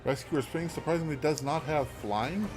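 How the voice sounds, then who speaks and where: Over background music, a man plays a card game and thinks out loud in casual commentary, halting and unsure, with lots of ums. His pitch is fairly high.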